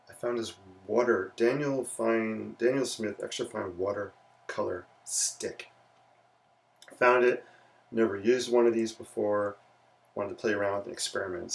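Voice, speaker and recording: Man, low gravelly voice, relaxed playful art-stream host; slightly distant mic with faint noise. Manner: relaxed, chatty, playful asides. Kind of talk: casual live sketching stream.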